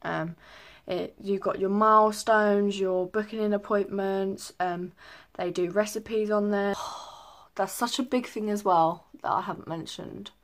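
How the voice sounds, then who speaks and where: A young woman talks casually to camera. She rambles and fills gaps with ums. Her pitch sits in an ordinary middle range. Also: steady tone, unhurried. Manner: chatty, lots of ums, rambling. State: a little out of breath. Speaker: vlogger. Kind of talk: casual pregnancy update.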